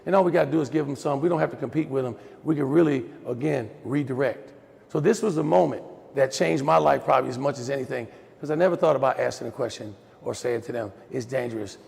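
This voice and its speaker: A middle-aged man, speaking at a virtual Q&A as a folksy, animated storyteller who talks to his listeners as "y'all". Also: mid-range voice, quick pace, creaky, long reverb tail. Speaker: guest speaker on raising boys.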